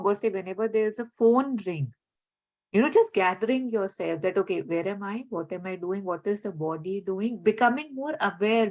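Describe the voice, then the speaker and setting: A woman speaking in a reflective, conversational way, gently searching for her words and often saying "you know" as she explains. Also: mid-range voice, poor audio.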